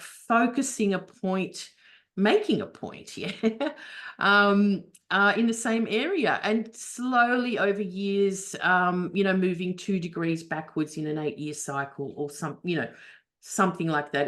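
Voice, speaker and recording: Over a video call, a woman with a mid-range voice teaches astrology in a webinar. She explains a chart step by step, with frequent fillers and restarts.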